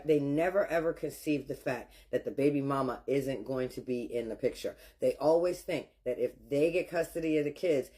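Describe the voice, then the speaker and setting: A man's voice: medium pitch, a little mellow. A man giving blunt, scolding reaction commentary.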